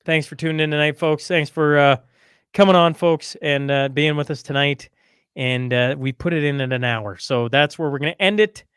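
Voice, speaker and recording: A man hosting a casual podcast, excitable and quick to repeat himself as he wraps up the episode. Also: on the high side, clean tone, dry recording, clean studio sound. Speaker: podcast host. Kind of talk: casual chat.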